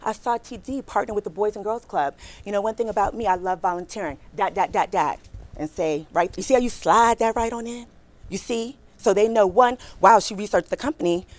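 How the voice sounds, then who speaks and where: Fast-talking, animated woman recruiter. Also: medium pitch. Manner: fast-talking, animated, chatty, asks the audience questions. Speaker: recruiter giving a career workshop. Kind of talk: lively workshop talk to an audience.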